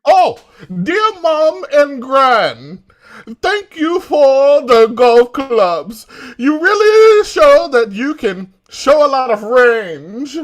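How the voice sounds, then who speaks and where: A woman improvising pun jokes over a video call, starting haltingly before the punchline. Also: sits high, big pitch swings. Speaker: improv player.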